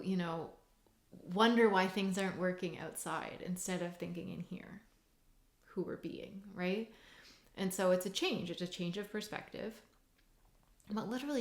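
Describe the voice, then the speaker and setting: Earnest woman coach in echoey room. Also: medium pitch. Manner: conversational, many "like" and "right?" tags, earnest. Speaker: hypnotherapist and mindset coach. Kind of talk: casual teaching monologue. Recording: roomy echo.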